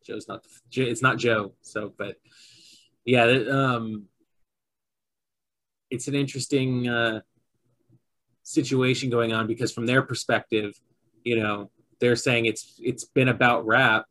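A man co-hosts a podcast in a relaxed, casual way. He mostly answers with short agreements and sometimes muses aloud. His voice sits at an ordinary, middle pitch. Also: measured pace, pauses often, poor audio. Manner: relaxed, brief agreeing replies. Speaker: podcast co-host. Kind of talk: casual chat.

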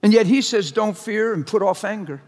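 A middle-aged male preacher delivers a sermon in a loose, conversational way, peppering the congregation with questions. His voice sits high for a man. The sound rings with a long reverb from a large hall. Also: normal speed, a little mellow. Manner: conversational, jokey, presses the crowd with questions.

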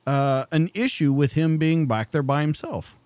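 A man's voice: fairly high pitch, moderate pace, a little mellow, no echo. A man hosting a podcast, asking probing questions in a conversational way. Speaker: podcast host. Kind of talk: interview questions.

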